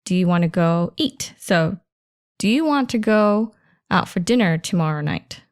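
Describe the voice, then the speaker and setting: A woman's voice: lowish voice, animated, a little slow. Lady teaching phrases, patient, breaks it all down step by step. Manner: patient, explains step by step, laughs lightly. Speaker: Japanese teacher. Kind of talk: language lesson podcast.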